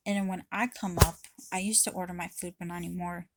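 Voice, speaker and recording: A woman's voice: medium pitch, little pitch movement, brisk. Rambling, cursing young-sounding woman vlogger. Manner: rambling, swearing often, restarting sentences. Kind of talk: casual rant to camera.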